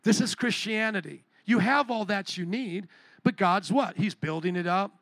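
A high-pitched man preaching to his congregation in a lively call-and-response style. He throws in playful asides and keeps asking the people questions so they answer back. The sound is close and dry, with almost no room around it. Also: normal speed, dry recording. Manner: asks the congregation questions and repeats key phrases. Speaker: pastor. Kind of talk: sermon. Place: church service.

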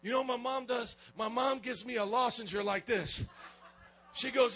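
A man preaching a lively sermon as pastor, calling for amens and getting loud at times. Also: very high-pitched, moderate pace, soft background music, poor audio.

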